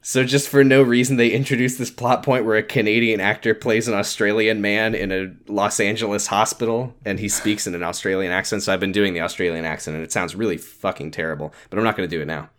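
A man's voice: fairly low pitch, fairly even intonation, quick pace, hardly any pauses, a bit bright. A young man co-hosting a podcast, telling a story in casual chat and restarting his sentences. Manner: rambling, self-interrupting storyteller. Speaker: podcast co-host.

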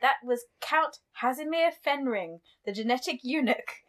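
A woman's voice: sits high, expressive, moderate pace, a bit bright. A woman voicing a haughty, posh royal woman, reading aloud in a plummy, exaggeratedly refined manner. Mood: lofty. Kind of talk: hammy dramatic reading aloud.

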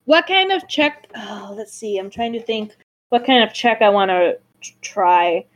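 A woman's voice: medium pitch, expressive, unhurried, muffled recording. A woman chatting casually as a player in a tabletop game, hesitating with fillers. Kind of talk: casual play chat.

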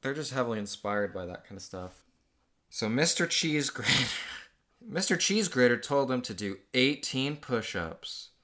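Young male host, bright forceful tone, chuckles through his own kid-written story. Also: medium pitch, animated, a little slow. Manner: amused, laughs often while reading. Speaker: host reading aloud his own childhood comic book. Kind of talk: casual chat.

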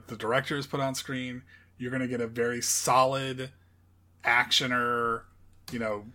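A man's voice: mid-range voice, a bit bright. A man co-hosting a casual film podcast. He rambles through his points, stops to hunt for names, and laughs easily along the way. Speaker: podcast co-host.

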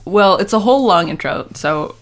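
A woman's voice: medium pitch, lively intonation, normal speed. A woman casually recapping a TV episode, acting out the characters' lines as she goes. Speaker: podcast host recapping a TV episode. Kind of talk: casual chat.

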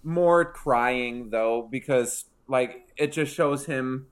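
A man co-hosting a casual chat, retelling a TV episode with animated asides and acting out lines. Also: mid-range voice, slow pace, clean tone. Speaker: podcast co-host.

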